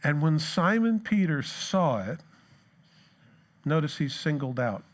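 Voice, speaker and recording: Man, pastor, sermon in church, fairly high voice, animated storyteller. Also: takes it slowly.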